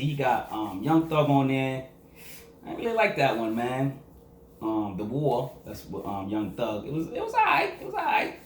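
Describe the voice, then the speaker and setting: A man's voice: medium pitch, slight background noise. A young man from Massachusetts reviewing an album in a casual, rambling vlog, full of slang and filler phrases. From Quincy, Massachusetts. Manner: rambling, slangy, full of fillers and "you know what I'm saying". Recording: echoey room.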